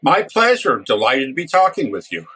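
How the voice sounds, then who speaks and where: An older man, a guest author, talking casually with frequent pauses and wry humor. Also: medium pitch, very animated, bright, forceful tone, breathy edge. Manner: hesitant, many uhs and restarts, wry humor. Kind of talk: casual podcast interview.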